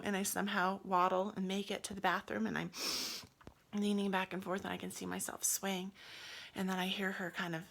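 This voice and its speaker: A young adult woman telling her own birth story with feeling, acting out what was said and dropping to soft whispers. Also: mid-range voice, fairly quick, creaky. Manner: animated, acts out quotes, swings to soft whispers. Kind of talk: emotional personal storytelling.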